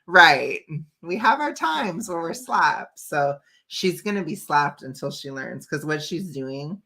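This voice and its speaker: A woman's voice: low-pitched, animated, slow, a crowd in the background. A woman co-host in a casual reaction chat, speaking emphatically with colloquial phrasing.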